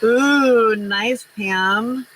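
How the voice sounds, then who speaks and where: A woman hosting a casual live crafting stream, chatty and quick to laugh as she reads out viewer comments. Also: a little high, a bit bright, slight background noise, low-quality recording.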